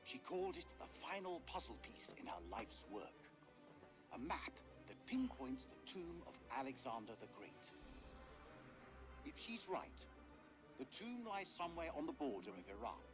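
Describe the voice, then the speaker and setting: Posh British expedition leader, lively voice, journal narration, loud music behind. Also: male voice, fairly high pitch, moderate pace. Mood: measured. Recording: game audio under loud music.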